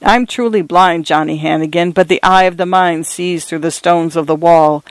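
Stern, proud blind old soldier, grave and measured, with a smooth, resonant tone, played by a male narrator; storybook. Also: on the high side, fairly even intonation, no room sound, close to an everyday voice. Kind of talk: storybook character voice.

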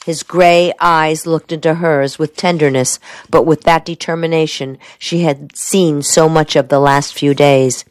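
A woman narrating a novel in a steady, measured audiobook reading. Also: sits low, no echo.

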